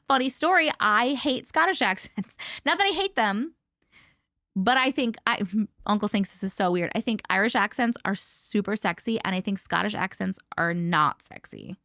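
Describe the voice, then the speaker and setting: A woman hosting a casual live stream. She chats to viewers in a bubbly, lively way, greets them by name, swears casually and laughs often. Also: medium pitch, normal speed, dry recording, clean studio sound. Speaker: livestream host.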